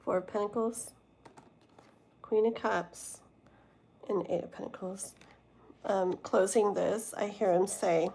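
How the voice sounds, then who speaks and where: Young woman, tarot livestream host, casual and chatty with lots of fillers, mid-pitched voice. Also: steady tone, slow, vocal fry, long pauses, darkish tone, slightly rough. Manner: chatty, full of fillers like "like" and "you know"; reads chat messages aloud and greets viewers by name.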